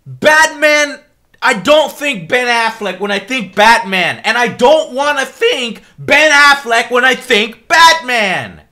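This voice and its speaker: A man's voice: very high voice, expressive, a little slow, hardly any pauses, sharp tone. A man ranting to camera in an exasperated, heavily profane vlog, repeating himself as he works through his complaints. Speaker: vlogger. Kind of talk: angry rant to camera.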